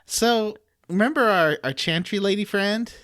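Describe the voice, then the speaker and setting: A man co-hosting a casual gaming podcast, recapping plot points in a laid-back way that often drops low and trails off. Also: unhurried, a bit bright. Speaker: podcast co-host.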